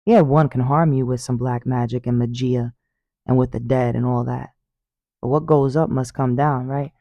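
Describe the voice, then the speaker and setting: A woman talking casually to her viewers about spirits, animated and emphatic, repeating phrases and calling listeners "baby". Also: extremely low pitch, moderate pace, no room sound. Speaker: spiritual vlogger. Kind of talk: casual storytelling monologue. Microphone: phone.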